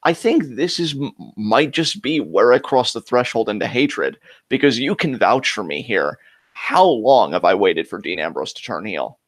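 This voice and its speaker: A man's voice: on the low side, lively intonation, normal speed. A man co-hosting a wrestling talk show, ranting with frustration and heavy swearing. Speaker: wrestling podcast co-host. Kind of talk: heated casual chat.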